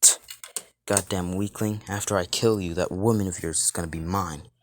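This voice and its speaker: A man's voice: sits low, fairly even intonation, normal speed, no echo, lightly acted. A man voicing an arrogant, cruel young rival who sneers and barks insults. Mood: sneering.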